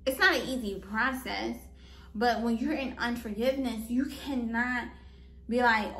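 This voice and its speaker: A woman's voice: a little high, moderate pace, a bit bright, reverberant, poor audio. An adult woman hosting a podcast, talking earnestly about forgiveness and faith with a repetitive, preacherly cadence. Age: adult, past high school. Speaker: podcast host. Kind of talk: personal faith talk on forgiveness.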